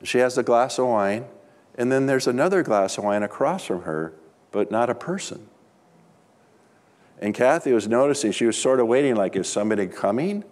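A man's voice: mid-range voice, moderate pace, long pauses. A middle-aged man preaching, telling stories and acting out the dialogue. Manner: animated storyteller, acts out dialogue. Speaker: pastor. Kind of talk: sermon with storytelling.

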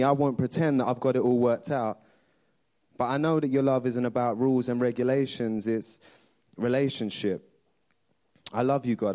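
A man's voice: mid-range voice, mellow. A man performing a rhythmic, rhyming spoken-word worship poem.

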